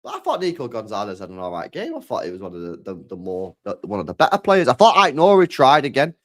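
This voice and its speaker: Young man, casual stream chat, slangy, swears a lot, repeats himself, lively up-and-down pitch. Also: fast talker. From England. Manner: rambling, swears freely, repeats phrases, slangy. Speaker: streamer chatting with viewers.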